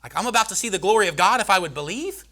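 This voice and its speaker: A man preaching a sermon, swinging between loud proclaiming and hushed, dramatic storytelling. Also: high voice, animated, very fast.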